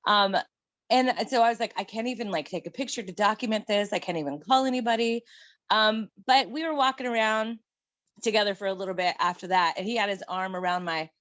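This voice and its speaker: A woman's voice: mid-range voice, a little fast, no room sound, dull audio. Chatty middle-aged woman telling a story. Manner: animated, laughing storyteller. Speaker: guest. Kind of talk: casual storytelling chat.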